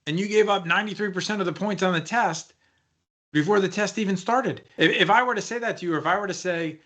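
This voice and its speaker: A man's voice: high-pitched, fast talker, a bit bright. A man co-hosting a leadership podcast as a coach, talking casually and emphatically, often asking rhetorical questions.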